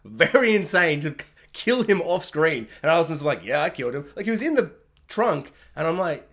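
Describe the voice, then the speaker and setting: His voice on the high side, a man chats casually about a TV season with plenty of excitement. Quoting characters, he readily puts on silly voices.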